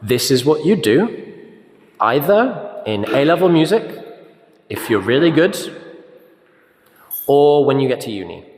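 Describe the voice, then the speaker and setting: A man teaching a group music lesson, now and then singing notes and syllables in a high voice. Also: echoey room, big-room sound. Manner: sings note names and syllables in a high voice.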